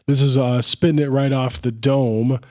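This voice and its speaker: A man's voice: medium pitch, steady tone, moderate pace, a little mellow. Easygoing rambling podcast co-host man. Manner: laid-back, rambling, uses lots of fillers. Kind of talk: casual film podcast chat.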